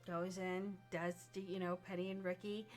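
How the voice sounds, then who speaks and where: A woman's voice: fairly low pitch, flat delivery, normal speed, a little mellow, soft background music. A woman narrating as game master of a tabletop game, talking casually and swearing freely. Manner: casual and profane.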